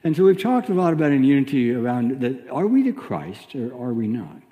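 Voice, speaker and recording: A man giving a sermon as a minister, teaching in a gentle, reflective way with pauses. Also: medium pitch, big pitch swings, long reverb tail.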